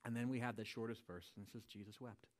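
A man's voice: lowish voice, fairly even intonation, fast. A man preaching a sermon in a casual, conversational way, often checking in with a questioning "right?". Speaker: pastor.

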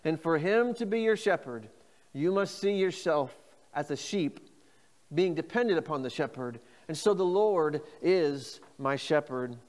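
A man preaching a sermon as pastor, reading scripture phrases slowly and inviting the congregation to repeat them. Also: a little high, lively intonation, a little mellow, in a large hall. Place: church.

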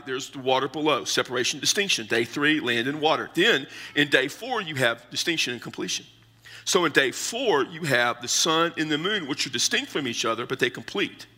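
A male pastor delivers a teaching sermon, building his explanation phrase by phrase. His voice is strikingly bright and edged with a husky grain, while his pitch sits in an ordinary middle range. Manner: explanatory teaching, pausing between short phrases.

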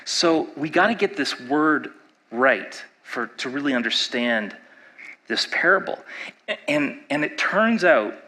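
A man's voice: fairly high pitch, expressive, a little slow, pushed and bright, low-quality recording. A male pastor preaching a sermon in a conversational way, asking his listeners rhetorical questions.

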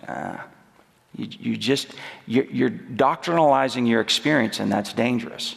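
A man preaching a sermon as a guest speaker, emphatic and rhythmic, dropping low and quiet on repeated phrases. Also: a little slow, creaky. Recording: long hall reverb.

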